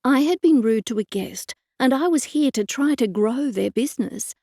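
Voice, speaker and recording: A woman's voice: high voice, lively intonation, moderate pace, warm tone, no echo. A woman narrating a first-person mystery audiobook with a wry, dry storytelling manner.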